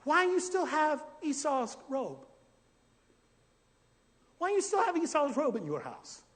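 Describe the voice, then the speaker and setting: A male pastor preaching a verse-by-verse sermon in a church, asking lively rhetorical questions and acting out scenes. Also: very high-pitched, takes it slowly. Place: church sanctuary. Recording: long church hall reverb.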